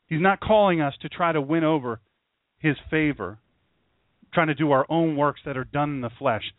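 Man, preacher, folksy sermon, repeats himself, slightly high voice, tinny dry phone-like sound. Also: moderate pace, dry recording. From Southern Delaware. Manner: folksy, repeats phrases, addresses listeners as folks. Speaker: pastor.

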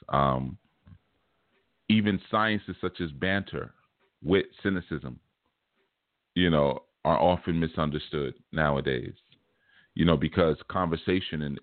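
A man's voice: extremely low pitch, dry recording. A man hosting a spiritual teaching show, talking in a casual, laid-back, streetwise way and often repeating his phrases. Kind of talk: casual livestream talk. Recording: tinny phone-like dry sound.

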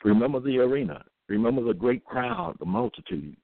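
A man giving a scripture-reading monologue as a religious podcaster, reading verses slowly and solemnly and pausing often with fillers. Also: medium pitch, wildly swooping pitch, gravelly, no room sound. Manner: halting, with many pauses and fillers. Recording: dry, tinny phone-like audio.

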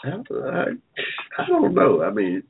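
A man's voice: medium pitch, huge pitch swings, slow, gravelly, slight background noise. An older man hosting an online talk show, chatting casually and joking with listeners, rambling and repeating himself. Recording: phone-like line.

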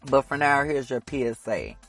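A man's voice: mid-range voice, sing-song, moderate pace, fairly bright tone, faint music behind. A man hosting his own podcast in a casual, opinionated solo monologue, teasing that he will stir up controversy. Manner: chatty and opinionated, teasing about stirring controversy. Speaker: podcast host.

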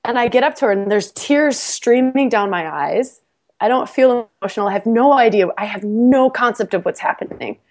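A woman's voice: on the high side, moderate pace. A woman, a podcast guest, telling a personal story in a casual interview. She mocks herself, laughs often and repeats words as she restarts sentences. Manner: animated, self-mocking storyteller with frequent laughs.

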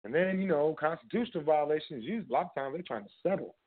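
A man's voice: on the high side, lively intonation, rapid-fire. A man hosting a talk show, speaking in a casual, emphatic, instructional way and often repeating filler phrases. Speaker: podcast host. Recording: phone-like narrow band audio.

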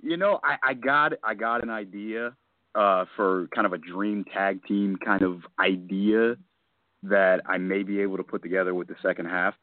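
A man co-hosting a podcast in casual chat, mulling choices aloud and getting excited about them. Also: on the low side, moderate pace, no room sound. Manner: deliberating aloud, enthusiastic. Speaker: podcast co-host. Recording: tinny phone line, dry.

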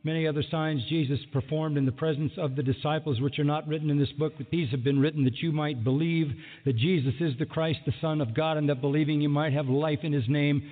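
A man preaching a sermon in an animated way, full of rhetorical questions and mock exasperation. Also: fairly high pitch, fairly quick, few pauses. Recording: phone-like audio in a large echoing hall.

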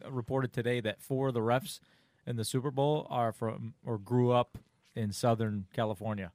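A man's voice: medium pitch, fairly even intonation, normal speed, a little mellow, dry recording. A man hosting a comedy podcast, chatting enthusiastically about shows and football and often repeating himself. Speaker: podcast host. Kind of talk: casual chat.

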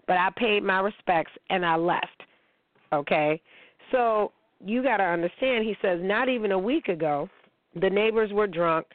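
A woman's voice: fairly low pitch, no echo. A woman hosting a casual relationship-advice monologue, blunt, emphatic and full of swearing. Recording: tinny phone-like, dry sound.

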